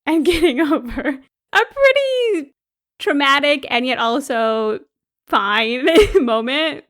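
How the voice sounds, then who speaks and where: A young adult woman co-hosting a podcast, telling a story in casual chat, animated and laughing often. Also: sits high, takes it slowly. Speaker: podcast co-host.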